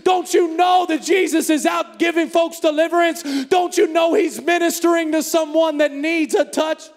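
Scolding onlookers, as a preacher shouts them out, high gravelly voice, long reverb. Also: male voice, level tone, moderate pace, faint music behind.

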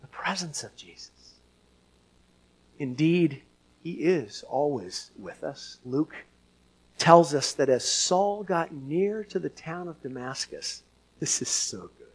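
A man preaching a sermon as pastor to his church, asking the congregation questions and swinging from hushed lines to loud ones. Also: fairly high pitch, lively intonation, slow pace.

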